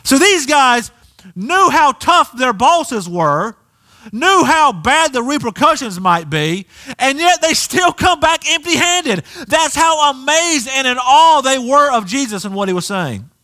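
A pastor with a Southern US accent preaching a sermon in a church, animated and rising to near shouts. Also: male voice, very high voice, unhurried. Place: church sanctuary.

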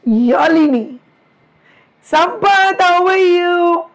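Indian woman teacher, middle-aged, high and slow, teasing and affectionate, slightly worn throat. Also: expressive. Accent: Indian English. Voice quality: strained throat from many lectures. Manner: chatty, affectionate, teasing with students. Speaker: online biology teacher. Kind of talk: live online class, greeting students.

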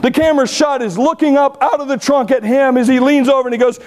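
Brash high-voiced man giving a keynote. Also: fairly even intonation, fast, a little mellow. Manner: brash, blunt storytelling with humor. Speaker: keynote speaker. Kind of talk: conference keynote. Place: conference stage.

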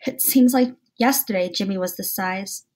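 A woman reading aloud voices a warm, caring middle-aged mother who talks gently and dotes on a baby. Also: mid-range voice, normal speed, natural voice. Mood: tender. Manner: gentle, doting, sings a nursery rhyme. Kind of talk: read-aloud storybook dialogue.

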